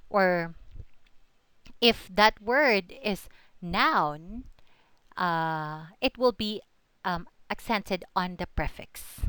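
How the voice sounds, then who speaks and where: Slow, animated woman teaching pronunciation. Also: fairly low pitch, clean tone, no echo, poor audio. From Philippines. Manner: spells out letters, repeats example words slowly. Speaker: student presenter. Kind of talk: recorded English pronunciation lesson.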